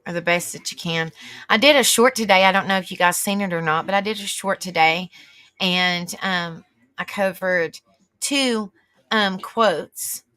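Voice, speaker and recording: A woman's voice: on the low side, unhurried, pushed and bright, clear, resonant tone. A middle-aged woman, hosting a live stream and chatting casually with viewers, rambling and reacting aloud as she reads the chat. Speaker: livestream host.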